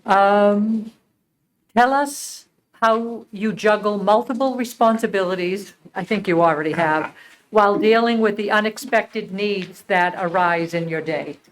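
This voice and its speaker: A woman's voice: mid-range voice, a little slow, slight background noise, low-quality recording. Formal woman chairing a committee. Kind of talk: formal interview questioning. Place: council chamber.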